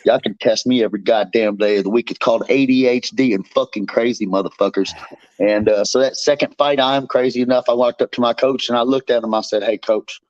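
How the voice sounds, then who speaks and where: A man's voice: medium pitch, steady tone, quick pace, no room sound. A man who is a bare knuckle fighter, guesting on a show and trash-talking his opponent in a boastful, profane, fired-up way. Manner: boastful, fired up, swears constantly. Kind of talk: brash profane trash talk. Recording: slightly dull dry recording.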